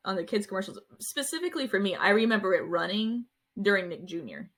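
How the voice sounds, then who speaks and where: Female podcast co-host; rapid, bright and sharp delivery, emphatic in conversation. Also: medium pitch, very animated. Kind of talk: casual chat.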